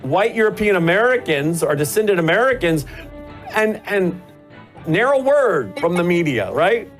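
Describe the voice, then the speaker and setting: Lively, animated male talk show host. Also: high voice, moderate pace, soft background music. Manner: laughs easily, emphatic.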